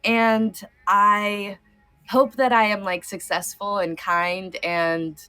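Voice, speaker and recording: A woman's voice: medium pitch, steady tone, slow, pushed and bright, smooth. A woman in her thirties, a podcast guest talking in a heartfelt, casual way, sometimes near tears, with many fillers. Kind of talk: emotional casual conversation.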